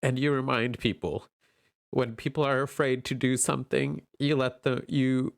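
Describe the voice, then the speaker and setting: A man giving a gentle, affirming pick-a-card tarot reading, tearful and emotional as he talks. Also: mid-range voice, fairly even intonation, normal speed, gravelly, dry recording, studio quality. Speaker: tarot reader.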